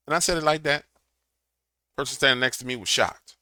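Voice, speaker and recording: A man's voice: on the high side, fairly quick, bright, forceful tone, clear, resonant tone, dry recording. A man giving a preachy political commentary to a camera, telling a fiery story. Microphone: camera mic.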